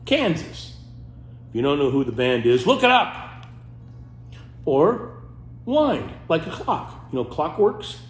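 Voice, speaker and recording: Animated man hamming it up. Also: a little high, measured pace, pauses often, reverberant, a little hiss or hum. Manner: animated, silly, keeps breaking into goofy voices. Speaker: comedy host. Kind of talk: playful comic monologue to camera.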